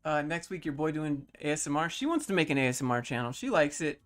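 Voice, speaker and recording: A man in his thirties on a casual livestream, reading chat questions aloud and answering them in a low-key, mellow way. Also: lively intonation, fast, faint music behind. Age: 30s.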